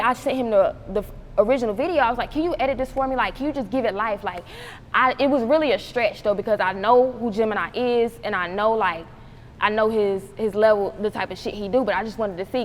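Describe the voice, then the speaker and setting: A young woman from North Carolina, telling stories as an interview guest in an animated, profane way, laughing often and acting out voices. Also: mid-range voice, long reverb tail, a little hiss or hum. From North Carolina, USA. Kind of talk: casual storytelling interview.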